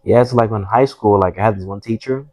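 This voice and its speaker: A young man just out of high school, telling stories in an earnest, rambling casual chat. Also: fast, darkish tone, no room sound. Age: young adult. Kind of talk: casual storytelling.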